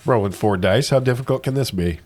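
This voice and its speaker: A man's voice: mid-range voice, fairly quick, darkish tone. A man chatting as a player in a tabletop game, making dry, teasing remarks. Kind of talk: casual tabletop game chat.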